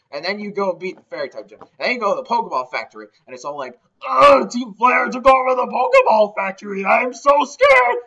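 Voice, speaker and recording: Rambling, sarcastic man with a lively voice. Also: medium pitch. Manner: rambling, sarcastic, swears a lot. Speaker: game ranter. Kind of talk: comedic game recap rant. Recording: lo-fi dull mic.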